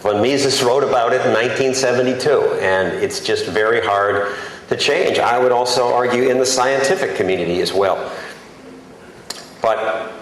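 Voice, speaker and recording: A man's voice: medium pitch, normal speed. Man speaking emphatically in an echoey hall. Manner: emphatic, self-deprecating, plainspoken. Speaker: journalist giving a conference speech. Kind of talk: speech to an audience. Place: large conference hall. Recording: very echoey hall, faint background noise.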